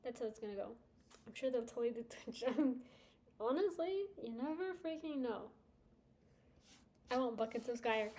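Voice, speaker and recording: A woman's voice: a little high, lively intonation, a little slow, long pauses, a little mellow. A woman livestreamer chatting casually with her viewers, rambling and laughing often.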